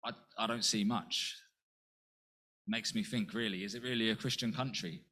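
A man preaching a sermon in an earnest way, asking rhetorical questions and jumping up in pitch to act out quotes. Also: steady tone, normal speed, sharp tone.

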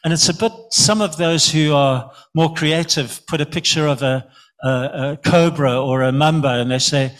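A man's voice: fairly high pitch, moderate pace, a bit bright. A man from Zimbabwe, preaching an earnest sermon and often repeating words for emphasis.

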